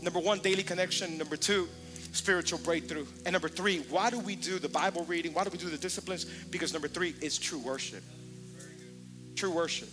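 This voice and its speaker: A man preaching a sermon in a high voice over clear band music. His delivery is conversational, with repeated words. He rises into impassioned shouting. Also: a little fast. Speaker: pastor.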